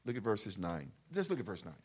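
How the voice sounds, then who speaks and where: A man preaching a sermon, leading a call-and-response prayer and swinging from hushed tones to shouted peaks. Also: sing-song, fairly quick, slightly rough. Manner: swings from quiet intimate lows to shouted soaring highs. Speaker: pastor. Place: large church hall.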